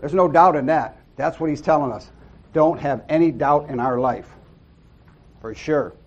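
A middle-aged man giving an informal sermon to a small church group, earnest and folksy, with loud whoops and amens. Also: on the high side, moderate pace, dull audio. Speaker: lay preacher.

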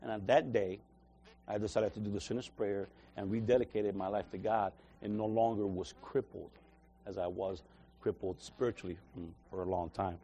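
A man giving a personal church testimony, emotional and repetitive, swinging between loud emphasis and quiet. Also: on the low side, steady tone, moderate pace, muffled recording, a little hiss or hum.

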